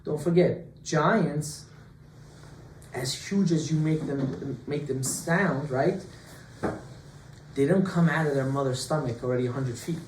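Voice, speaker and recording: A man, a rabbi, giving an informal Torah class to students, lively and joking, full of rhetorical questions. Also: fairly high pitch, a little slow, pauses often. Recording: echoey room, distant mic, faint hiss.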